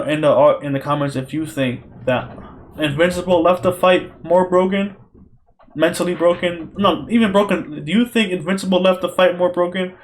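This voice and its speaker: Excited young man ranting casually. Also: fairly high pitch. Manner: excited, profane, repetitive slang-heavy talk. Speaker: podcast host reviewing a show. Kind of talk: casual solo rambling review.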